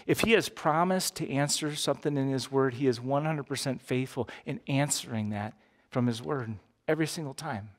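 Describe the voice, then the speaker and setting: A man in his fifties preaching a sermon as pastor, earnest and swinging from emphatic peaks down to quiet, low moments. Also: moderate pace, hardly any pauses. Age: 50s.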